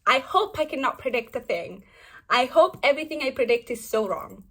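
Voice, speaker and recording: A young woman in her twenties chatting casually at home in a reading vlog, bubbly and animated. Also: high-pitched, moderate pace, husky. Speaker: book vlogger. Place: home, indoors.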